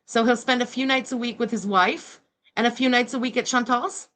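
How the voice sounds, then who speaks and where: Sharp, scornful woman host. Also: a little high, steady tone, fairly quick. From Canada. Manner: scornful, sarcastic, blunt. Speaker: commentary channel host. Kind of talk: reaction livestream commentary.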